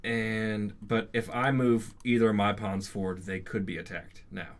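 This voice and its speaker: A man's voice: on the low side, fairly even intonation, normal speed. A man hosting a chess stream, chatting casually and rambling with jokes and frequent restarts. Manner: rambling, jokey, restarts often. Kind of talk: casual gaming chat.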